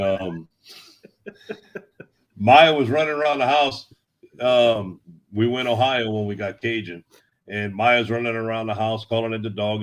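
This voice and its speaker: A man chatting as a guest, laid-back, telling animated stories. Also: lowish voice. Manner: laid-back drawl, animated storyteller who acts out quotes. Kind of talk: casual storytelling chat.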